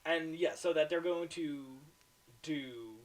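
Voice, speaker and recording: A man's voice: on the high side, slow pace, crowd noise. A man hosting a casual gaming podcast. He reads news from his notes, often stumbles and starts over, and runs short of breath. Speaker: podcast host.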